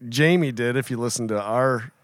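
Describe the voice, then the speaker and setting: A man's voice: medium pitch, normal speed, dry recording, studio quality. A man co-hosting a casual podcast, chatting and teasing as he tells stories. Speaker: podcast co-host.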